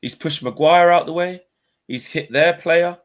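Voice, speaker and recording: A man's voice: fairly high pitch, unhurried. A man co-hosting a live football fan stream, bluntly complaining and muttering predictions. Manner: blunt, exasperated, muttered asides. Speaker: fan channel co-host. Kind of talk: live match-watch chat.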